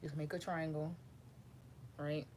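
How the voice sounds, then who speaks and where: Woman, tarot reader, deep voice, slangy and rambling, faint hiss behind. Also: little pitch movement, takes it slowly, a little mellow. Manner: loose, profane, rambling, slangy. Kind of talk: casual spiritual reading to camera.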